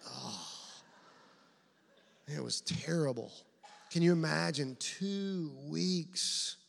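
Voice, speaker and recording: A man preaching a sermon, telling personal stories in an animated, conversational way. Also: fairly high pitch, creaky. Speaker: pastor. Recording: long reverb of a large hall.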